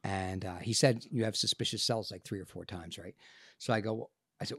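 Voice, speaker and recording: A man, an actor and podcast guest, telling a personal story in a casual, animated and profane way, acting out the people in it. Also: on the low side, brisk, slightly rough, no echo, studio quality.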